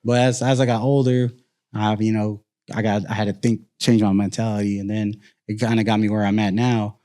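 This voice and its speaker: A man's voice: lowish voice, level tone, a little fast, warm tone. A man working as a nightclub security guard, chatting casually, laid-back, laughing often and swearing freely. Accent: Californian. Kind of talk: casual chat.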